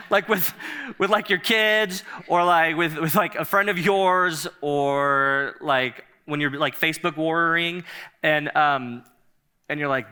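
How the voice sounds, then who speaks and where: A man in his thirties preaches in a loose, conversational style. He sounds bright and a little high for a man, and his delivery stays animated and quick to laugh. He often repeats phrases as he works through a thought. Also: clear, resonant tone. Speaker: pastor. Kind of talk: sermon.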